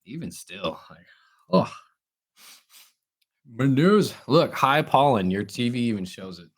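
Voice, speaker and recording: A young man co-hosts a casual podcast, his voice sitting at an ordinary middle pitch. He rambles through long, chatty stories while his nose is blocked and stuffy. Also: sing-song, slow. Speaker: podcast co-host. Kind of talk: casual chat.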